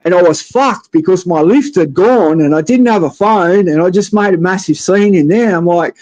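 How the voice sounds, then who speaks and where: A man's voice: high voice, darkish tone, no room sound, rough recording. A man with an Australian accent telling his story casually, swearing often and stumbling over restarts. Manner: profane, halting with many restarts.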